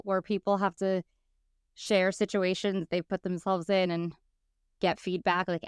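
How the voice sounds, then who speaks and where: A woman in her thirties, co-hosting a podcast, telling stories in a lively, casual way and acting out the people she quotes. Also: on the low side, moderate pace, smooth, no echo. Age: 30s. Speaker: podcast co-host.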